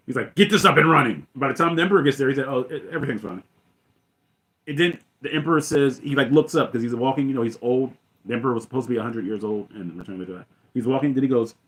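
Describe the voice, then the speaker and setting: Fired-up man hosting a movie commentary stream. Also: fairly bright tone. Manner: fired-up, quotes film lines in a lowered voice. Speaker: host.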